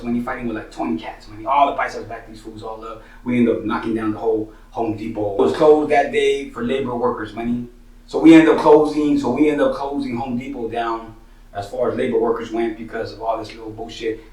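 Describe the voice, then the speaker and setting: Fast-talking street storyteller. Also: male voice, mid-range voice. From San Jose, Northern California. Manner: profane, slangy, sprinkles "money" and "you know what I'm saying". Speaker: rapper telling his own stories. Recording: roomy, distant mic.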